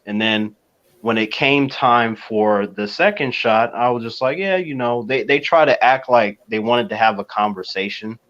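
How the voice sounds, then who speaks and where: A low-voiced man tells a long story on a casual talk panel, easygoing and measured, dropping soft fillers as he goes. The sound comes through dull and lo-fi.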